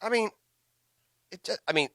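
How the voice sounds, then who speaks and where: A man's voice: sits high, normal speed, pushed and bright, dry recording, studio quality. A man co-hosting a sports radio show, arguing opinions on football players. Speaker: radio co-host. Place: radio studio. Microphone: studio mic.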